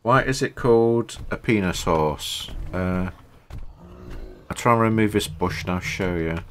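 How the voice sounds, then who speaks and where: Low-voiced British man streaming a game. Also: slight background noise. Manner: chatty, answers viewers' questions between pauses. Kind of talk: live gameplay stream, reading chat.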